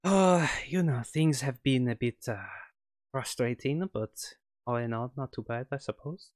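A man's voice: mid-range voice, a little slow, a little mellow, no room sound, studio quality, voice pushed up, lightly acted. A man voicing a scheming French woman scientist with a wavering put-on French accent. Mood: cold, reasoning.

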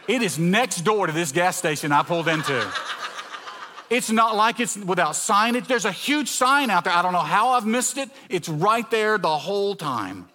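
A middle-aged man preaches, weaving in personal stories. His bright, forceful voice sits a little high, and he drops into other voices to act out the people in his tales. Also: moderate pace. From Mississippi. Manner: storytelling, animated, acts out dialogue with voice changes. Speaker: pastor.

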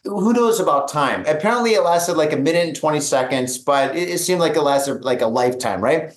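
Animated high-voiced man telling a story. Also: a little fast, echoey room. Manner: animated, acts out quotes, many restarts. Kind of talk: casual storytelling.

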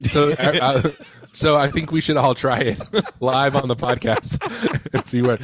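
A man's voice: medium pitch, fairly even intonation, unhurried, a little hiss or hum. A man hosting a podcast, chatting casually, telling stories loosely and laughing often. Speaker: podcast host. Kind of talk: casual chat.

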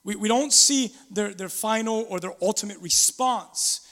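A man's voice: sits high, a little slow, long reverb tail. A man preaching a sermon as pastor, acting out scripture quotes and calling on the congregation to answer back. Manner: animated, acts out scripture quotes, asks the congregation to respond. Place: church sanctuary.

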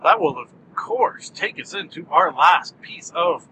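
Male podcast host, bright voice, slightly high, wry deadpan humor, animated, faint background hum. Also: a little slow, vocal fry, poor audio. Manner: animated, jumpy delivery. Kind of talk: solo podcast chat.

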